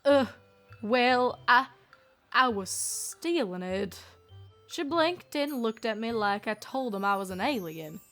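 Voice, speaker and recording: A woman's voice: fairly high pitch, lively intonation, takes it slowly, fairly bright tone. A woman voicing a young female farm pony who plays at being an outlaw, with a Southern drawl and a grumbling, boastful way of talking, in a fanfic audiobook reading. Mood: grumbling brag. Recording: faint music behind.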